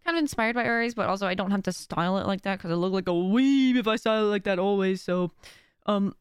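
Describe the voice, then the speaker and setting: A woman's voice: mid-range voice, quick pace, clean tone, dry recording, studio quality. A young adult woman hosting her own podcast in casual chat, talkative and rambling with joking asides. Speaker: podcast host.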